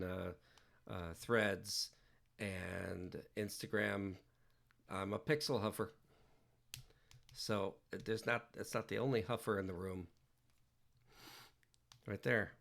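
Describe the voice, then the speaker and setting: A man's voice: lowish voice, vocal fry, a bit bright. A man chatting casually on a livestream while he draws, rambling and joking with wordplay. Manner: playful, rambling, jokey wordplay. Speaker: digital artist livestreaming.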